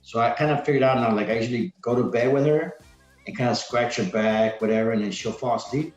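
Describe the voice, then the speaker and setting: With a medium-pitched voice at a quick pace, a man guesting on a podcast rambles casually and energetically, full of "like" and "man." The sound is roomy, dull, and lo-fi, with faint music behind him.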